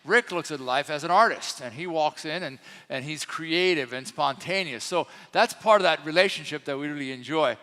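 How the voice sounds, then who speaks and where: A man in his sixties with a light French accent preaches in a relaxed, storytelling way, full of little fillers. His voice sits a bit high for a man. It rings out with a long church-hall reverb. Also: normal speed. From France. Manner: storytelling, chatty with many fillers. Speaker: co-pastor. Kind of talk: sermon. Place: church sanctuary.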